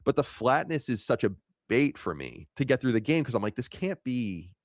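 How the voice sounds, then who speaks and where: Podcast co-host, male, lively intonation, musing, very dry recording. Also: medium pitch, fairly quick, no room sound. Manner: musing, hedging, restarts a lot. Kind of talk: casual chat.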